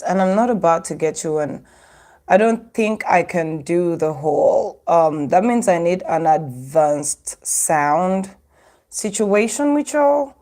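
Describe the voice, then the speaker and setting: A woman's voice: fairly low pitch, animated, takes it slowly, dark tone. A woman from Uganda hosting a casual live stream from her phone, chatting to viewers and laughing often. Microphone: phone microphone.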